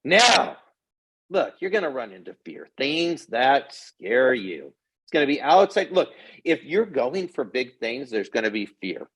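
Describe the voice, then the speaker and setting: Middle-aged male kids' coach, upbeat motivator with a raspy, gravelly voice. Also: mid-range voice, unhurried. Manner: energetic, repeats "okay?" often. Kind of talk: motivational talk to kids.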